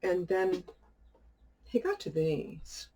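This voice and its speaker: A woman's voice: lowish voice, sing-song, slow pace, mellow. A woman chatting casually as she shows off a shopping haul and tells a rambling story, laughing often. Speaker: witchcraft YouTuber showing a shopping haul. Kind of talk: casual chat.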